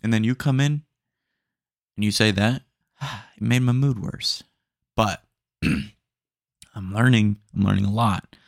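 A man's voice: lowish voice, steady tone, slow, gravelly, long pauses, dry recording, studio quality. A young man hosting a casual solo podcast, telling rambling stream-of-consciousness stories and often saying dude. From Texas. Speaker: podcast host.

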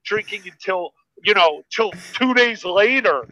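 A comedian from the United States, guesting on a podcast, telling emphatic, animated stories in casual chat. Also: male voice, high voice, a little slow, no echo, low-quality recording.

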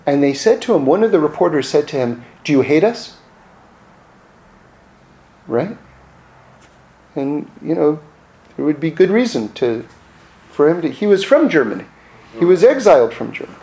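Animated man with a lively swinging pitch. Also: moderate pace, long pauses, low-quality recording. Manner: acts out quoted dialogue, repeats phrases for emphasis. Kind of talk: animated conversational teaching.

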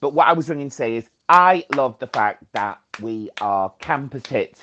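A man's voice: mid-range voice, lively intonation, moderate pace, hardly any pauses, fairly bright tone, a little hiss or hum. Campy man on a lo-fi voice note. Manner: camp, theatrical, playful. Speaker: caller leaving a voice note. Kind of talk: chatty voice message. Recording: dull lo-fi voice note.

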